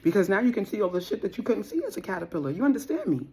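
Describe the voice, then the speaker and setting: A woman's voice: medium pitch, rapid-fire, mellow. Chatty woman giving a tarot reading. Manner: chatty, slangy, playful, laughs often. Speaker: tarot reader. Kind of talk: casual tarot reading to viewers.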